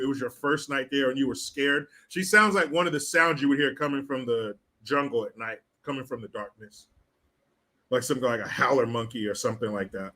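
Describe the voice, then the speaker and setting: A man's voice: fairly high pitch, bright, forceful tone. A man hosting a live stream, mocking and profane in casual commentary as he reads out viewer chat.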